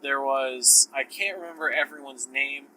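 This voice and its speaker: A man's voice: mid-range voice, moderate pace, sharp tone, poor audio. A man hosting a podcast, with a sore throat, talking casually in a rambling, profane, self-interrupting way. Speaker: podcast host. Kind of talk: casual solo podcast talk.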